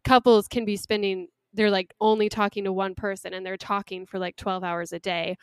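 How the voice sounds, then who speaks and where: A young woman in casual conversation, talking in a smooth, resonant voice with a lively, chatty flow. The sound is close and dry, with no room around her. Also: mid-range voice, no echo. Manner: chatty and animated, quick laughs and acted-out quotes. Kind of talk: casual chat recapping a reality show.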